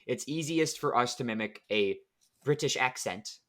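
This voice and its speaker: A man's voice: medium pitch, lively intonation, normal speed, a bit bright. An American man hosting a podcast in casual chat, playful and laughing often. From United States. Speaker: podcast host.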